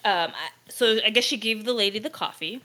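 A young woman co-hosting a casual chat, telling stories with animated acted-out quotes and casual swearing. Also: mid-range voice, brisk. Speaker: podcast co-host.

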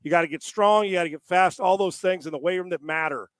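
A man's voice: sits high, fast talker, no echo. A man who trains quarterbacks, telling stories in a casual, exasperated way and swearing freely as he mocks gimmicky training. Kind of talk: casual profane storytelling.

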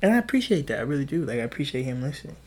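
A man's voice: medium pitch, sing-song, very fast, darkish tone. Rambling, profane young man podcast host. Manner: rambling, profane, restarts and acts out quotes. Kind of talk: casual storytelling monologue.

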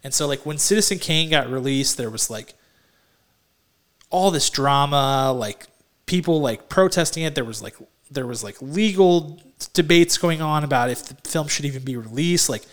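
A man co-hosting a casual movie podcast, excitable and gushing, with many "like"s and restarts. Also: a little high, normal speed. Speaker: podcast co-host.

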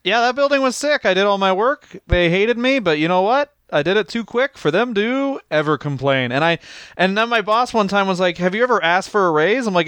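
A man's voice: high-pitched, animated, brisk, fairly bright tone, clear, resonant tone, dry recording. A man co-hosting a comedy podcast, chatting casually in a profane, joking way and laughing often. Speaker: podcast co-host.

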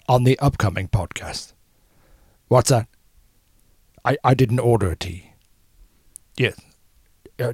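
A man's voice: medium pitch, breathy edge, no room sound, clean studio sound. A man doing a theatrical impression of a famous older actor, fussing indignantly about being served tea. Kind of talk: comedy sketch intro.

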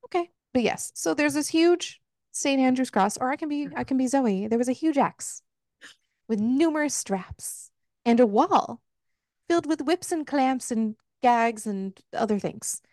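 A woman's voice: high-pitched, animated, measured pace, darkish tone, dry recording. Chatty woman recapping a book, dry sound. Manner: candid, laughing, retells scenes with quoted lines. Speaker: podcast host recapping a book. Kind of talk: casual book club chat.

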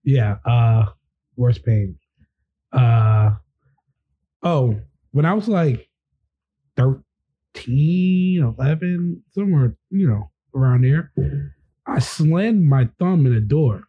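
A man in casual podcast chat, telling a story in a hesitant, halting way. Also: medium pitch, expressive, husky. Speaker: podcast co-host. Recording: tinny phone-like sound.

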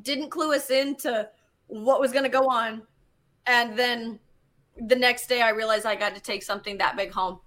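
A woman geologist telling a story in casual conversation, animated and swearing as she acts out what was said. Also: a little high, normal speed. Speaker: guest geologist.

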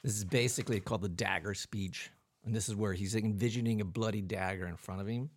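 A man's voice: on the low side, fairly even intonation, fast, breathy edge. A man hosting a comedy podcast in casual chat, laughing often and directing the others. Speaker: podcast host.

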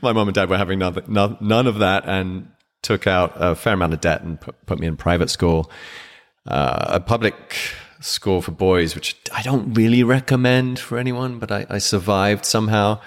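A middle-aged man from England with a softened English accent, a podcast guest telling his life story in a wry, self-deprecating way. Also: on the low side, moderate pace, in a large hall. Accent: English, softened by years abroad. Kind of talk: casual interview.

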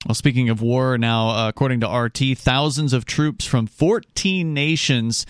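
A man's voice: mid-range voice, normal speed, smooth, dry recording, clean studio sound. A man hosting a talk radio show, chatty and agreeable in casual conversation.

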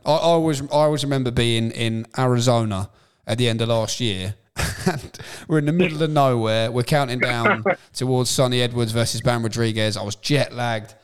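A man's voice: medium pitch, moderate pace, clean tone. A man hosting a casual chat interview, laughing along with his guest. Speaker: host.

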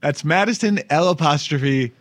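A man's voice: fairly high pitch, moderate pace, fairly bright tone, no echo. A man, hosting a comedic news podcast in a chatty, wry way and laughing as he talks. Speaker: podcast host. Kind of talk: casual comedic news chat.

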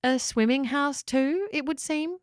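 A woman's voice: sits high, unhurried, no room sound, clean studio sound, voice pushed up. Woman voicing a doubtful storybook mum. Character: doubtful but warm-hearted mother of a family.

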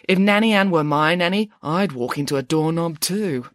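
A woman voicing a grand, bossy female pig nanny in an audiobook, pompous and exclamatory, swooping high on her outbursts. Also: lively intonation, normal speed, no room sound, close to an everyday voice. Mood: indignant. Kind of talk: audiobook character voice.

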